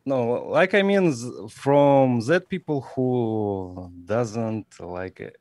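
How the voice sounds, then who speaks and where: A man with a Russian accent, a guest speaking careful, halting English in a casual interview, pausing often to search for words. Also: medium pitch, a little mellow, no echo, clean studio sound. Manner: halting non-native English with searching pauses. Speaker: guest musician. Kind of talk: casual interview over a video call.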